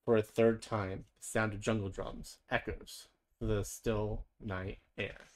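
A children's book reader, gentle and playful, reading a story aloud with chatty asides. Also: mid-range voice, flat delivery, measured pace.

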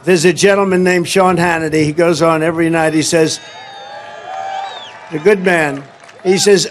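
A man from the United States giving a rambling, boastful rally speech full of repetitions and asides. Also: on the high side. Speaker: political candidate at a rally.

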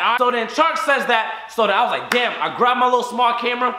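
High-voiced young man, teasing vlogger. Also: quick pace. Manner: loud, teasing, laughing. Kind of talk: casual prank vlog. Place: room with friends. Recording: echoey room.

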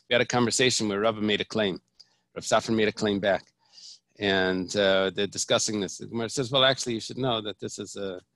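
A low-pitched man with a gravelly edge to his voice teaches a Talmud lesson. He explains patiently and thinks aloud, repeating and restarting phrases as he works through each point. The recording is close and dry, with no room sound. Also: a bit bright, no room sound. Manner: explanatory, repeats and restarts, mixes Hebrew terms. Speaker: rabbi teaching daily Talmud page.

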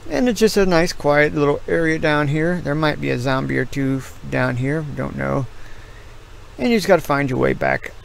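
A tired middle-aged American man with a gravelly voice, yawning as he rambles through casual commentary on his gameplay stream. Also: on the high side, moderate pace, slight background noise, poor audio.

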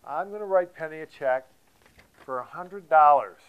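A man's voice: a little high, normal speed, clear, resonant tone, phone-quality sound. A man hosting a comedy show, teasing and mocking his guest with profane banter.

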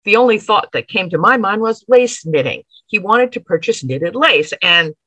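A woman reads her own story aloud with measured, expressive pacing. Her bright voice rises and falls widely and has a slightly breathy texture. The recording is dry and close. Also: mid-range voice, no echo, rough recording. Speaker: author reading her story. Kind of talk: dramatic reading of period fiction.

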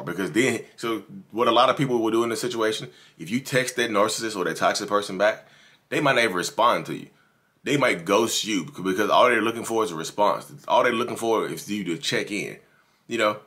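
Low-voiced, animated male vlogger. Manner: animated, emphatic, speaks straight to viewers. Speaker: YouTube commentator. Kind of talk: casual commentary vlog.

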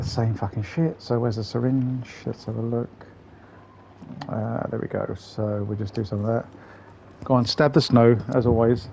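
A man's voice: medium pitch, dark tone, low-quality recording. A man hosting a gaming channel, giving chatty, profane, grumbling let's-play commentary. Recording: game engine noise behind voice.

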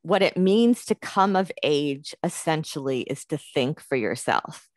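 A woman's voice: sits low, animated, measured pace, darkish tone, no echo. A woman, giving an academic lecture in a conversational way, thinking aloud with fillers and restarts. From United States.

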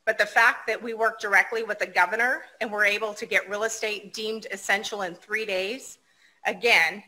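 Woman, outgoing president, video-call speech, bright and personable; mid pitch. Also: steady tone, moderate pace, rough recording. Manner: personable, lightly self-deprecating.

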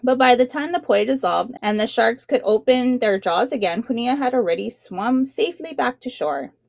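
A woman reading a children's picture book aloud as narrator, with expressive, dramatic emphasis. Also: fairly high pitch, normal speed, vocal fry, no echo.

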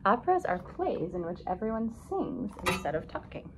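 A woman reading a children's picture book aloud, expressive and stopping to ask her young listeners questions. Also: medium pitch, moderate pace, background noise. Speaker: storybook reader.

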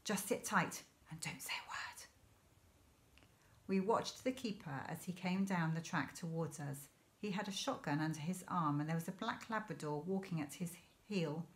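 A woman teacher reading a children's novel aloud in a clear, measured storytelling manner. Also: fairly low pitch. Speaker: primary school teacher.

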